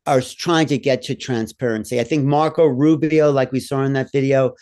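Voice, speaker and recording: A man's voice: medium pitch, steady tone, a little fast, a little mellow. A man co-hosting a talk show, answering a viewer question in a conversational, opinionated way as he thinks aloud. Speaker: co-host. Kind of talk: live talk show commentary.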